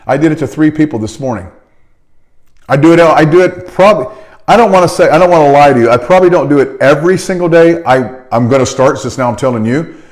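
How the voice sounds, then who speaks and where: A man's voice: a little high, fast. Blunt, emphatic middle-aged man. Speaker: chiropractor and practice coach. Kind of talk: motivational talk.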